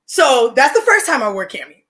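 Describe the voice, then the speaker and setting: A woman's voice: high-pitched, brisk, a little hiss or hum. A young woman, a podcast guest telling stories in casual, slangy chat and laughing between lines. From Philadelphia, USA. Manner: animated, slangy, laughs mid-story.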